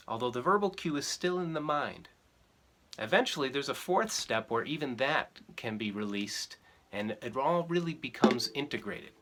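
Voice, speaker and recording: Man teaching ukulele, calm and explanatory. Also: medium pitch, slight background noise. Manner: chants rhythm syllables while strumming. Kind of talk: relaxed music lesson. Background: ukulele strumming.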